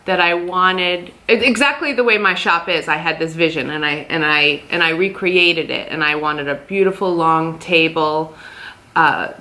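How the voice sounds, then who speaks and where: A woman from Staten Island, a yarn shop owner, talks in a bright, clear tone. She tells her stories with animation and frequent halting restarts in a casual chat. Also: deep voice. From Staten Island, New York.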